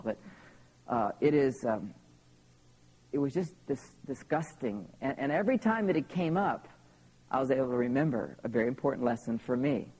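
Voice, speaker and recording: A man's voice: medium pitch, a little mellow, poor audio. A man in his thirties tells personal stories in a live seminar talk to an audience, often checking in with "okay?". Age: 30s. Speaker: seminar speaker.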